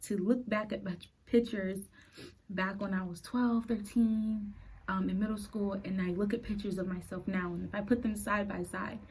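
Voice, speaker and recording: A woman in her late twenties hosting a podcast. She tells her personal faith story in an earnest, halting way and is close to tears. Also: medium pitch, fairly even intonation, a little mellow, husky, poor audio. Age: late 20s. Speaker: podcast host.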